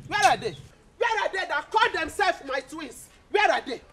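High lively village woman yelling for goat thieves, scolding nonstop. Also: moderate pace, slight background noise, full character voice. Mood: angry. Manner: shouting, scolding. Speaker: angry goat owner.

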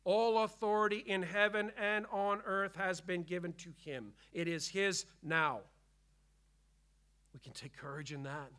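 A man preaching a sermon as pastor, emphatic and repetitive, dropping to hushed tones and rising again. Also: high-pitched, steady tone, unhurried, clean tone. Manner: emphatic preaching, swinging between hushed and loud; repeats key phrases for emphasis. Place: church.

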